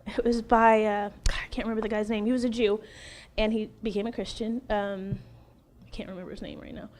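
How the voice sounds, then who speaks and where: A middle-aged woman in an interview, telling her personal testimony in an emotional, animated way, laughing often and acting out what she once said. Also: mid-range voice, fairly quick. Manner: animated, laughs often, acts out her own past words.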